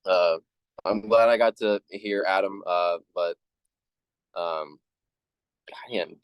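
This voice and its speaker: A tired, worn-out man rambles apologetically before reading his work. His voice sits on the low side, recorded close and dry. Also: steady tone, slow, smooth, dry recording, low-quality recording. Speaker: poet at a reading event.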